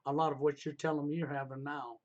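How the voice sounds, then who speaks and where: A middle-aged man hosts a live stream in a high-pitched voice. He talks in an emphatic, preachy way and keeps tagging his points with "okay?". The sound is dull and lo-fi. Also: flat delivery, fast. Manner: emphatic, repeats "okay?" to drive points home. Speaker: livestream host. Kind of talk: casual advice talk on a live stream.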